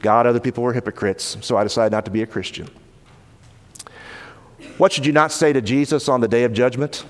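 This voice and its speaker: A man's voice: steady tone, a little fast, pauses often, big-room sound. A man preaching a sermon in an earnest, pleading manner, his voice rising when he quotes. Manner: earnest, pleading, rises in pitch when quoting.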